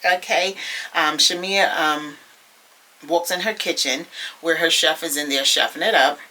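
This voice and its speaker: Sassy chatty woman, bright sharp voice. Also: low-pitched, fairly even intonation, a little slow, poor audio. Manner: chatty, sassy, addresses viewers as y'all, many fillers. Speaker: reality TV recap vlogger. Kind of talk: casual recap commentary.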